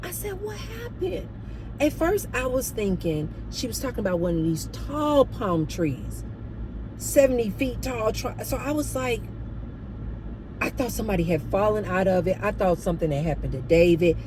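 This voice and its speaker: Brief: a chatty woman vlogger with an expressive voice, telling a story straight to her viewers. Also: medium pitch, moderate pace, noisy background. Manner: animated, chatty, addresses viewers as "you guys". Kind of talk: storytime monologue.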